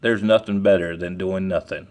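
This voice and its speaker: A man reading aloud and voicing a slow, gloomy male donkey who speaks mildly. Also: deep voice, fairly even intonation, darkish tone, smooth, lightly acted. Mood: weary.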